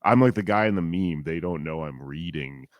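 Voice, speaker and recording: A man in his forties co-hosting a podcast, chatting casually in a rambling, animated and profane way. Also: low voice, normal speed. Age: 40s. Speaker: podcast co-host.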